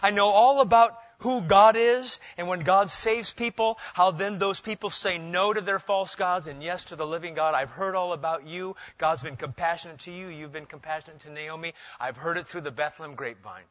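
Male pastor, lively sermon delivery, higher voice, slightly dull lo-fi recording. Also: normal speed, few pauses, dry recording. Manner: animated preaching, asks the congregation questions.

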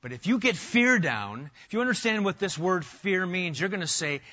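A middle-aged man preaching a sermon as pastor, animated, swinging between loud emphasis and soft asides. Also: sits high, normal speed, dull audio.

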